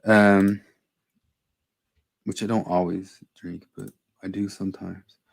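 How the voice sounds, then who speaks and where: A man's voice: sits low, level tone, slow pace, vocal fry, no echo. A man hosting a casual podcast chat, blunt and opinionated, swearing freely. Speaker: podcast host.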